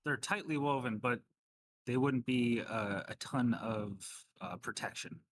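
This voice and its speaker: A man's voice: medium pitch, measured pace, a little hiss or hum. A man narrating as game master in a casual tabletop game, talking loosely with many fillers.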